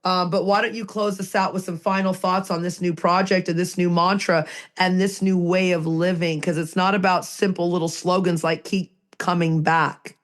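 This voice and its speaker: A woman's voice: lowish voice, flat delivery, normal speed. Earnest, emphatic woman co-hosting a podcast. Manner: earnest, emphatic, repeats phrases for effect. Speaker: podcast co-host. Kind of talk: casual recovery podcast talk.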